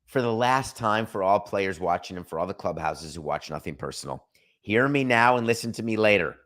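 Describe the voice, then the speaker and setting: A man's voice: lowish voice, lively intonation, fairly quick, a bit bright. A middle-aged man hosting a sports talk show, ranting in an opinionated, sarcastic monologue. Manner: sarcastic, emphatic, rants with mock quotes.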